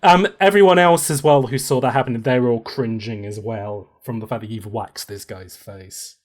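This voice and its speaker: A man's voice: medium pitch, moderate pace. A man running a tabletop game for a player, describing the scene in a loose, playful way. He laughs easily and keeps the story moving. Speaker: game master.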